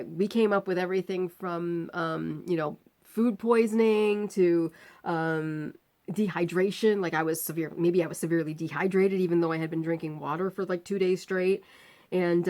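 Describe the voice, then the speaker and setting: A woman vlogger telling a personal story in a casual, animated way, acting out the quoted voices and laughing now and then. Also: on the low side.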